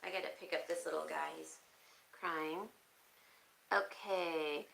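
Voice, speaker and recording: Bright-voiced chatty woman. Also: fairly low pitch, fairly even intonation, slow, vocal fry, pauses often, low-quality recording. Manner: chatty, thinking aloud with frequent "um, let's see". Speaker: crafting channel host. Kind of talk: casual live-stream chat reading viewer comments.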